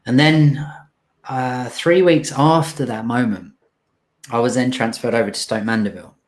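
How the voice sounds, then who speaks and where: A young man, an interview guest, telling a personal story in an emotional, heartfelt way, often halting and restarting. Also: medium pitch.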